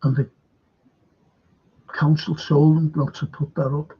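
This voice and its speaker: A man's voice: on the high side, level tone, measured pace, breathy edge, lo-fi sound. A man with a Scouse accent from Liverpool, hosting a livestream in a blunt, rambling monologue full of restarts and swearing. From Liverpool, England. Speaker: livestream host.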